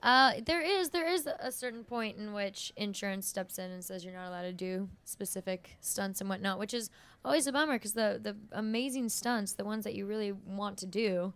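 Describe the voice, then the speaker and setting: A woman's voice: medium pitch, normal speed, hardly any pauses, a bit bright, smooth. A woman, an actor guest, talking chattily and enthusiastically in an interview. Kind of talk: casual interview chat.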